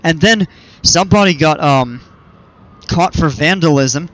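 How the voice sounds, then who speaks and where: A man's voice: on the high side, a little slow, fairly bright tone. Chatty man streaming a game. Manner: rambling, chatty, explains at length. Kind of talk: casual livestream chat while playing.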